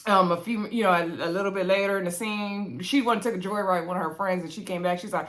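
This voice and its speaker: A woman's voice: lowish voice, fast talker, hardly any pauses. A woman casually recapping a reality show, chatty and laughing, acting out the cast members' lines in quoted voices.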